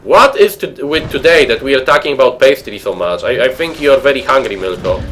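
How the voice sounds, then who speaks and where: Man, Polish accent, game streamer, rambling casual chat, middle pitch, faint noise behind. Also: lively intonation, a little fast, a bit bright. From Poland. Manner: rambling, chatty, many fillers and restarts. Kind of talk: casual let's-play chat.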